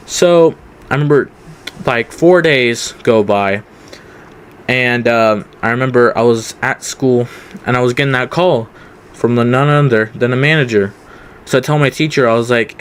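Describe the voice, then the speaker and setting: A man's voice: mid-range voice, fairly quick, clear, resonant tone. A young man from California telling a rambling personal story in a casual storytime vlog, with lots of fillers and restarts. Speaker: vlogger.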